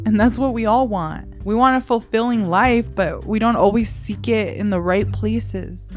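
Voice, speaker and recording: A woman's voice: mid-range voice, normal speed, few pauses, faint music behind. A woman hosting her own podcast, talking in a heartfelt, emotional way and laughing often. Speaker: podcast host. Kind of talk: solo podcast monologue.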